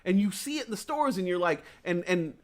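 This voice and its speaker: A man hosts a casual livestream talk show with a fairly high voice. He tells stories with lots of energy, acting out inner voices and swearing casually. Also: brisk. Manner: animated storytelling, acts out inner voices loudly, swears casually.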